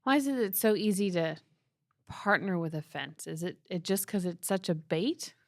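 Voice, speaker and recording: Earnest, low-voiced woman co-host. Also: moderate pace, no room sound, clean studio sound. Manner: earnest, thoughtful, with frequent filler restarts. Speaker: podcast co-host. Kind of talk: casual faith talk.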